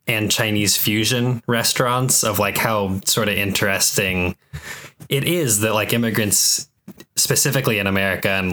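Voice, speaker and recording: A man talks loosely on a podcast, wandering through his thoughts with a steady stream of "like" and "you know". His voice sits a bit low and sounds bright. It is relaxed, conversational chat. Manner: rambling, heavy use of "like" fillers. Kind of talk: casual chat.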